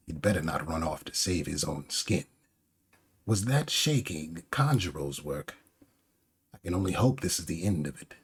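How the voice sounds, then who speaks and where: A man's voice: sits low, sing-song, moderate pace, creaky, slightly rough, pitched below the performer's own voice, exaggerated voice. A man voicing a panicky, insulting villainous male shogun who shrieks and sputters in frantic outbursts. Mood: furious.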